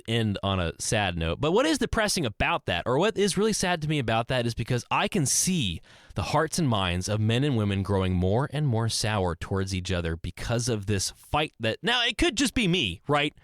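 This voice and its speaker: A man's voice: very animated, fairly quick, fairly bright tone, no room sound, studio quality. A young man hosting a podcast, talking alone in a casual, earnest and rambling way, restarting his sentences often. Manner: earnest, rambling, with many restarts and swings in pitch. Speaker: podcast host. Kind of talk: casual solo monologue. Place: small closet.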